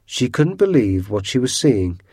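A man narrating a storybook aloud in a calm, measured way. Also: medium pitch, no room sound, studio quality. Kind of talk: storybook reading.

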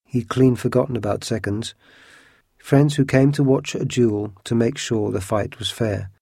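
A man narrating a classic adventure story in an even, measured storytelling manner. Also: medium pitch, gravelly, breathy edge, no room sound, studio quality. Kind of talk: storybook reading.

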